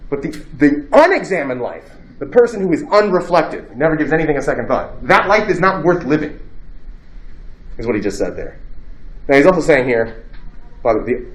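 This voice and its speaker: A man's voice: fairly high pitch, very animated, brisk, reverberant. A man giving a casual philosophy lecture to a class, talking conversationally and acting out quotes in a raised voice.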